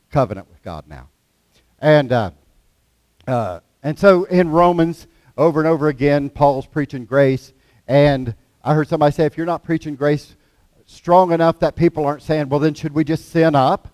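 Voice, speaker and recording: Male preacher, raised pitch, homespun chatty sermon delivery, dry close sound. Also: darkish tone, no echo. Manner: folksy, plain-spoken, quotes scripture, chuckles. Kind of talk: conversational sermon.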